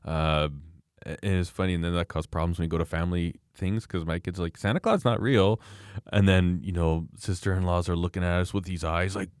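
A man's voice: low voice, a little fast, clear, resonant tone, no echo, clean studio sound. A middle-aged man co-hosting a podcast, chatting casually and telling stories with lots of laughter. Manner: animated, laughing storyteller. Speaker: podcast co-host. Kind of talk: casual chat.

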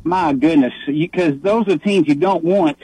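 A man's voice: fairly high pitch, normal speed, highs cut off, a crowd in the background. A man calling in to a sports talk radio show, talking enthusiastically in a rambling way. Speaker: caller.

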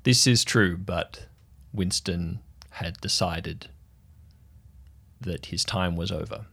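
A man voicing a giant male bird-man who guards the desert, speaking in a measured, quiet, solemn way. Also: sits low, vocal fry, exaggerated voice.

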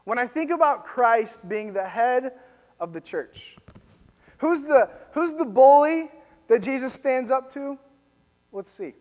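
A man preaching a sermon as pastor, telling a story with animated swings between loud and hushed delivery. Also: extremely high pitch, slow. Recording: long reverb of a large hall.

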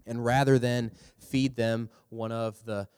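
A man preaches a youth sermon in a mid-range voice, turning animated and loud whenever he acts out a scene. His words carry a long reverb from a large hall. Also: takes it slowly, clear, resonant tone. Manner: animated, acts out characters with big pitch jumps. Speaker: youth pastor.

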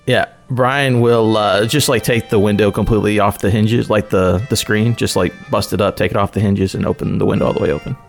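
A man's voice: lowish voice, fairly even intonation, brisk, creaky, hardly any pauses, faint music behind. A man playing in a tabletop game, laughing sheepishly as he describes his moves. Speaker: player. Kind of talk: tabletop role-play.

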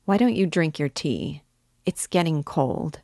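Woman reading as an earnest young clerk, serious, puzzled, low, slow, dry storybook voice. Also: animated, warm tone, dry recording. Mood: plain. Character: earnest young male police clerk, easily unsettled.

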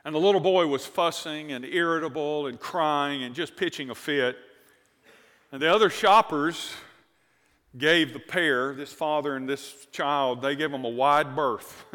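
A man's voice: on the high side, measured pace, a bit bright. A man preaching a sermon as pastor, telling a story to his congregation and reading scripture aloud. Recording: church hall reverb.

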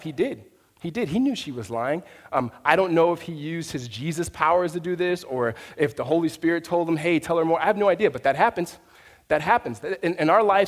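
A man preaching a sermon with a fairly high voice, his words carrying a long reverb through a church hall. He talks conversationally, with fillers and restarts, and presses his points with emphasis. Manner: rising to an emphatic, raised voice. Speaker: pastor.

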